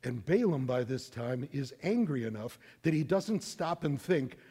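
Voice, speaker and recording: A middle-aged man preaching a sermon, telling a story in an animated, conversational way. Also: mid-range voice, unhurried, breathy edge. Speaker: pastor.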